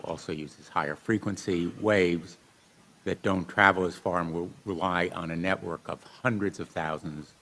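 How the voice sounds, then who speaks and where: A man's voice: low-pitched, fairly bright tone, a little hiss or hum. A middle-aged man, a senator, pointedly questioning witnesses at a formal hearing. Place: hearing room.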